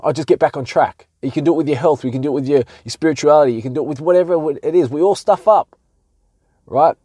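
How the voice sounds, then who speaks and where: A man's voice: on the high side, racing, dark tone, breathy edge, no echo. A man hosting a casual solo podcast. He speaks candidly, swears freely and often restarts his sentences. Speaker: podcast host.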